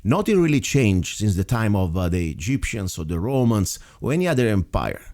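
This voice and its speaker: A man's voice: lowish voice, big pitch swings, brisk, darkish tone. A man with an Italian accent hosting a local talk radio show, speaking earnestly and rambling between points. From Italy. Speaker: radio host.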